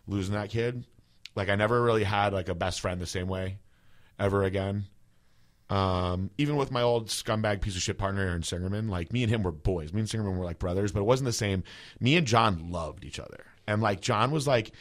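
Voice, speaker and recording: A man hosting a podcast, telling stories in a casual, rambling way, full of "like" and swearing. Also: deep voice. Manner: rambling, heavy "like" filler, profane. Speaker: podcast host. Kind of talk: casual storytelling chat.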